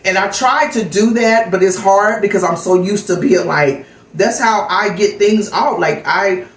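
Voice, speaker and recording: Middle-aged woman vlogger, chatty and open storyteller, mid-pitched voice, echoey room. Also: measured pace. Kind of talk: casual chat vlog.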